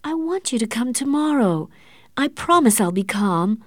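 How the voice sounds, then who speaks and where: A woman voicing an anxious young woman who pleads in a high, tearful voice. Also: big pitch swings, moderate pace, no room sound, studio quality. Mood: desperate.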